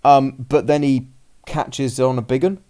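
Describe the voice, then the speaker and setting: A man telling the story of a tabletop match in casual podcast chat, his voice sitting at an ordinary middle pitch. He rambles and restarts often, acting out what he and his opponent said along the way. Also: little pitch movement, a little slow, mellow, clear, resonant tone. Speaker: podcast host recounting a game. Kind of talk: casual chat, play-by-play recap.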